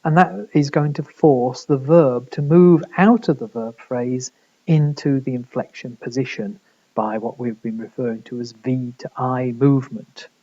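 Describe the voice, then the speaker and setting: Male lecturer, measured and explanatory, warm tone, muffled lo-fi sound. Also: mid-range voice. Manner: measured explaining with fillers and restarts. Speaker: linguistics lecturer. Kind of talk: recorded university lecture.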